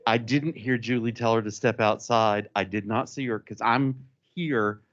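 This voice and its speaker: A man in a conference audience making a candid, animated comment from the floor. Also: fairly low pitch, moderate pace, highs cut off. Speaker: audience member. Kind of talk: question from the floor. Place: conference room.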